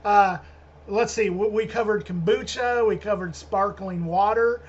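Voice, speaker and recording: A man with a high, unhurried, slightly breathy voice co-hosts a podcast over an internet call, and the recording sounds muffled. He rambles in casual chat, laughing a lot and often restarting his sentences.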